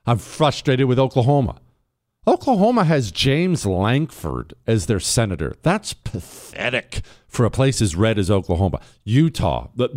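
A man hosting a political talk show, reading listener messages and talking them through. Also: fairly low pitch. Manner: animated, reads listener messages, mocking voices for quotes.

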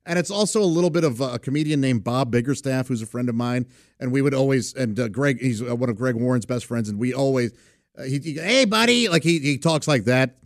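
A man hosts a podcast in a loose, rambling monologue. He sits at a middle pitch and sounds chatty and amused with himself. The sound is close and dry. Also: a little fast, darkish tone, dry recording. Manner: rambling, chatty, laughs at his own stories. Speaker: podcast host.

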